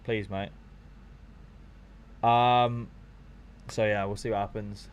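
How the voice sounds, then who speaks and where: A young man chatting casually to his viewers on a live stream while watching football, swearing freely and getting excited. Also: on the low side, slow, smooth.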